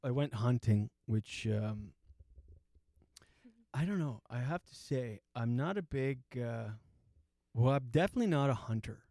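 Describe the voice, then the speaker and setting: A man's voice: medium pitch, animated, unhurried, dark tone, no room sound, clean studio sound. A man in his forties hosts a comedy show and tells rambling stories, laughing as he goes. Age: 40s. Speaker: host. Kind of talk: comedic storytelling chat.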